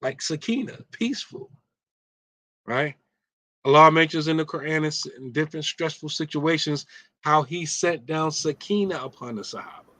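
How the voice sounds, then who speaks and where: Streetwise man giving a bright, joking religious talk. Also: a little high, moderate pace, dry recording, rough recording. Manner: streetwise, joking, frequent "right?" asides. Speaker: host of an Islamic talk show.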